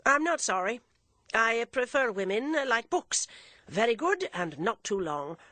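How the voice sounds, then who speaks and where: Urbane, teasing middle-aged gentleman, as a woman reads him, dry and ironic. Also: a little high, sing-song, a little slow, no room sound, voice pushed up, heavily acted.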